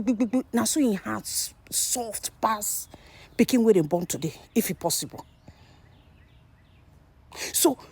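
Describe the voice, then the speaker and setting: A Nigerian woman gives animated vlog commentary to her viewers. Her voice is warm and a little breathy. The sound is dry and close. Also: on the high side, no room sound. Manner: animated, mixes Nigerian Pidgin and English. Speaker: vlogger. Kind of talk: casual commentary to camera.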